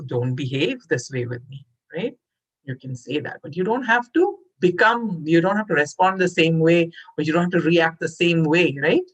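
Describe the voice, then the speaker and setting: A woman telling a moral story in a lively, conversational way, talking straight to her listeners. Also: sits low, rough recording. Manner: animated and conversational, addresses listeners directly. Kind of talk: storytelling for children.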